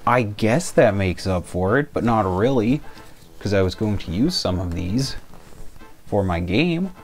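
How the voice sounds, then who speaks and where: A young man with a lowish voice talks slowly and unhurriedly as he opens card packs, muttering the cards he pulls and griping in exaggerated disbelief. Faint music plays under his voice. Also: lively intonation. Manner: exasperated, muttering card names, mock outrage. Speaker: card-opening vlogger. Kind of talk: casual pack-opening commentary.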